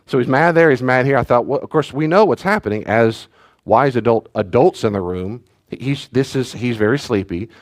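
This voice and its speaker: A man, a pastor teaching a church study class in a relaxed, conversational way with joking asides to the group. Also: mid-range voice, moderate pace.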